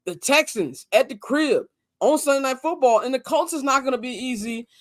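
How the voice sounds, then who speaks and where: A man hosting a casual sports talk podcast, animated, swinging between loud and soft, swearing casually. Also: extremely high pitch, brisk, dry recording. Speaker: podcast host.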